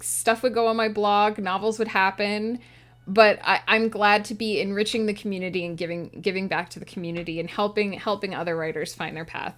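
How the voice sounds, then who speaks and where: A woman's voice: mid-range voice, a bit bright. Earnest woman streamer chatting with viewers. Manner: earnest, reflective, talks to chat directly. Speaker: streamer and writer. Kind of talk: casual livestream chat.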